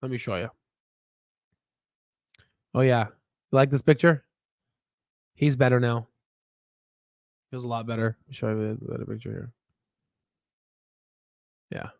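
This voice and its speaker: A man hosting a casual stock market video, rambling and excitable, with frequent profanity and restarts. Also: medium pitch, a little slow, creaky, pauses often, dry recording, studio quality. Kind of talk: casual market commentary with screen share.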